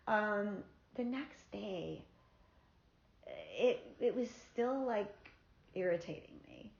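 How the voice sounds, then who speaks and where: A woman vlogger from South Florida telling a personal story in a candid, profane, animated way. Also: a little high, takes it slowly, creaky. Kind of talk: casual storytelling. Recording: roomy, slightly dull sound.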